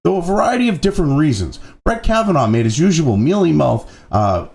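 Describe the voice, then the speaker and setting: A man's voice: on the high side, sing-song, fairly quick, creaky, darkish tone. A man hosting a profane, angry political commentary rant, swearing constantly and mocking opponents.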